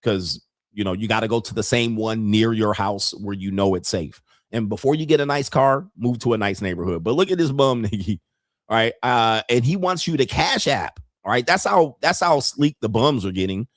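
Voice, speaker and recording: A man's voice: lowish voice, lively intonation, normal speed, dry recording. A man hosting a casual commentary show, talking bluntly and profanely and laughing often between points. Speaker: commentary host.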